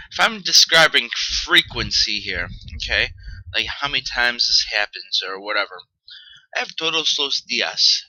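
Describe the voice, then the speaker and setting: A male teacher walks students through a vocabulary list in an easygoing, joking way, checking in with "okay?" after nearly every point. His voice is piercingly bright and edgy, recorded close and dry with no room sound. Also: medium pitch, no room sound, rough recording. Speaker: Spanish teacher. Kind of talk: recorded classroom vocabulary lesson.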